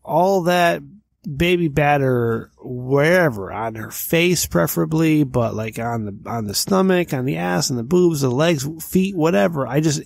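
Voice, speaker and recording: Gravelly drunk man ranting crudely. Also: a little high, expressive, unhurried, no room sound. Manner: mock-outraged, profane, addresses an imagined person. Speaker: podcast co-host. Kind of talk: crude comedic rant.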